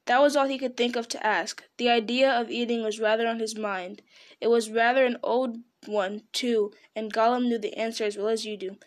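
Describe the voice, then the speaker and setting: A woman's voice: a little high, steady tone, normal speed. Woman reading a storybook aloud. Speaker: narrator.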